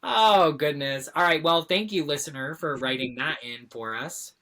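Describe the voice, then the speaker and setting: A woman's voice: deep voice, moderate pace. A woman from Central Massachusetts co-hosting a casual podcast, acting out exasperated quotes. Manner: animated, acts out exasperated quotes. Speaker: podcast co-host. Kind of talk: casual chat.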